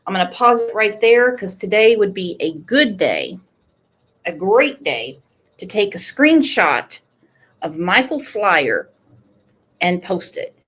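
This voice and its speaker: A woman hosts a true crime show in an unhurried, earnest way, speaking straight to her viewers. Her pitch sits in a middle range and she takes her time over each thought. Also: very animated, a bit bright, husky. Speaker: true crime channel host. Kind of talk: casual commentary on a livestream.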